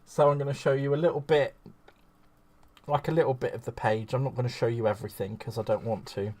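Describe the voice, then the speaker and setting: A man's voice: mid-range voice, steady tone, fast talker, darkish tone. A man hosting a live crafting stream, chatting in a rambling, gushing way and greeting viewers fondly. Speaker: craft livestream host.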